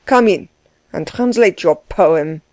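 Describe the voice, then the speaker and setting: A woman's voice: on the low side, expressive, slow, mellow, dry recording. A woman voicing a harsh, mocking young man who speaks bluntly and with scorn.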